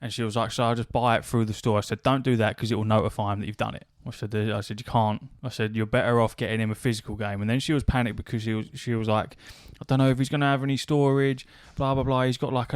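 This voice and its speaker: Man, podcast host, casual storytelling, foul-mouthed, mid-pitched voice, dry close sound. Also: little pitch movement, fast, few pauses, no echo. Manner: swears freely, relays a story with quoted back-and-forth dialogue.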